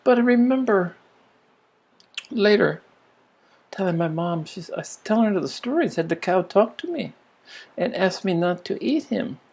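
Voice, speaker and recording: A man's voice: high voice, lively intonation, normal speed, gravelly, pauses often, breathy edge. Older man, spiritual teacher, meandering storyteller who restarts his sentences. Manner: rambling, musing, with frequent restarts and soft laughs. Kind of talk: reflective storytelling talk.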